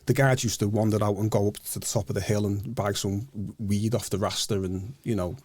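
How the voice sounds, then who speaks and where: A man guest on a podcast, telling a personal story in a halting, earnest way, often repeating words before he finds them. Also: lowish voice, steady tone, a little mellow, husky, dry recording. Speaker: guest, author. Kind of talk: casual storytelling interview. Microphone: podcast microphone.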